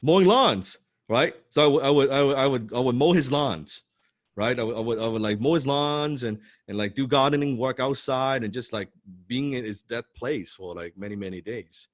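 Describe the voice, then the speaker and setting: A man in animated storytelling talk, excitable, who often repeats words and swears for emphasis. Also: mid-range voice, normal speed, no room sound, studio quality. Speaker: business coach telling a personal story.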